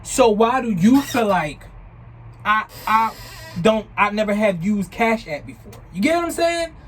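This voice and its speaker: This young vlogger from New Jersey recounts scam attempts in a casual storytime, cursing freely and dramatizing the messages he received. His high-pitched voice runs a little slow, and the rough recording has slight background noise.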